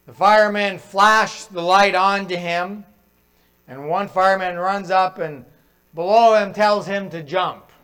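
A man preaches a sermon from the pulpit in a high, clear, resonant voice. He tells stories with sudden drops from loud to hushed. A faint mains hum sits under the recording. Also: steady tone, unhurried, low-quality recording. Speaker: pastor.

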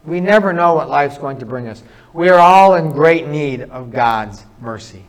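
A middle-aged man delivers a sermon in a notably high voice. He speaks earnestly, leaning on stories and drawing out phrases with pauses between them. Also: animated, rough recording. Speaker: preacher.

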